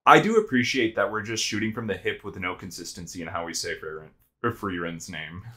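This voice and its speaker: Podcast co-host, American man, lowish bright voice, rambling casual talk. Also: fairly quick. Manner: rambling, frequent "like" and restarts, swears. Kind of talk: casual chat.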